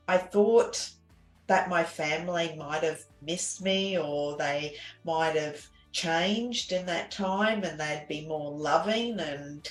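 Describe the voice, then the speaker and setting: Slow, low-voiced woman in an echoey room. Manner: earnest and halting, with many restarts and fillers. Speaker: interview guest. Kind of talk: personal story in an interview. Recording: echoey room with faint music.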